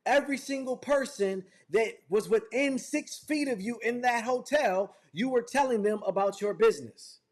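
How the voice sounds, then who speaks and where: A man's voice: very high voice, normal speed, few pauses. A man leading a motivational sales training over a video call, talking in fervent, repetitive build-ups like a preacher. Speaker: business trainer.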